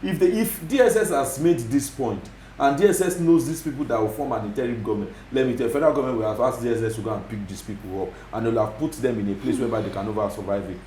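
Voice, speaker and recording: A man's voice: medium pitch, fast talker, hardly any pauses, mellow, reverberant, a little hiss or hum. A man with a Nigerian Yoruba accent, speaking as a guest commentator in a TV studio interview, emphatic and repeating his points. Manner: emphatic, repetitive, mixes in Yoruba phrases.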